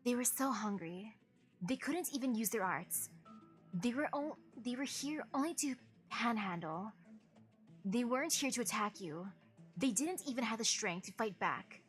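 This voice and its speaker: A woman's voice: on the high side, lightly acted. A woman voicing a cold, accusing young woman investigator who speaks sternly while reading a game's story aloud.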